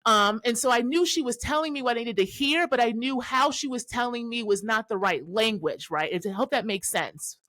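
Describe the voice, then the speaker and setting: A woman's voice: fairly high pitch, animated, a little fast, few pauses, fairly bright tone, dry recording, clean studio sound. A woman podcast host and astrologer telling a personal story in a casual monologue, candid and profane, laughing often and talking straight to her listeners. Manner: addresses listeners directly, tags lines with "right?".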